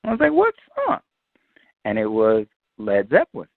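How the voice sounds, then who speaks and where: A man, a guitarist, telling an animated, profane story and acting out the other people's voices. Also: lowish voice, fast talker, no room sound, narrow, tinny audio. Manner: lively, swears freely, acts out quoted voices.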